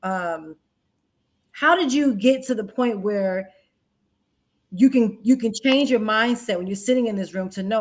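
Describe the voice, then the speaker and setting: A woman's voice: mid-range voice, a little slow. A woman hosting a podcast, asking long, reflective questions in a casual conversational way. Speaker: podcast host.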